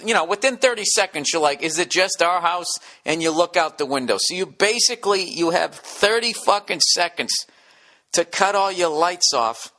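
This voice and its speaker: A man ranting through a comic podcast monologue in a bright, forceful voice. His talk is full of profanity and runs on loosely, and at times he drops into a hushed whisper. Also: mid-range voice. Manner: profane rant with sudden whispered asides. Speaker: podcast host. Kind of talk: casual comedic monologue.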